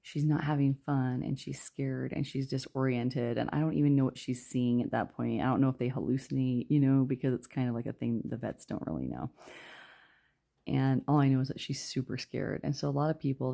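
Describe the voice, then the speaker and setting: A woman giving a casual, rambling tarot reading, talking quietly with lots of fillers. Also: very deep voice, fairly quick, gravelly. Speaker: tarot reader.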